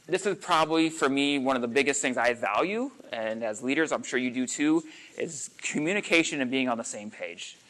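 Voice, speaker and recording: A man's voice: on the high side, low-quality recording. A man coaching a small audience on listening, talking casually and acting out example phrases. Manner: animated and conversational, acts out sample lines, frequent fillers. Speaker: coach teaching a workshop on listening. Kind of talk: casual live teaching talk.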